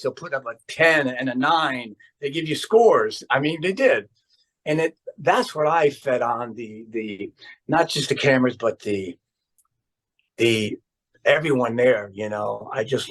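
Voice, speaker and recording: An older man from New Jersey, a stuntman guest telling an excitable anecdote full of exclamations. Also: medium pitch, low-quality recording. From New Jersey, USA. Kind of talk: storytelling anecdote.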